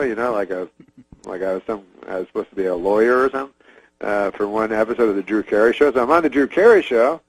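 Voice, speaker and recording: A comedian from Canada telling a rambling deadpan story as a talk-show guest, full of fillers and restarts. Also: male voice, medium pitch, dry recording, rough recording.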